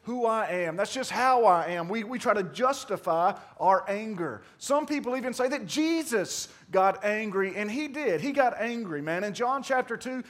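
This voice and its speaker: High-voiced man preaching casually. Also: lively intonation, moderate pace, few pauses. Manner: conversational preaching with repeated "man"; dynamic, swings from loud to hushed. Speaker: pastor. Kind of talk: sermon.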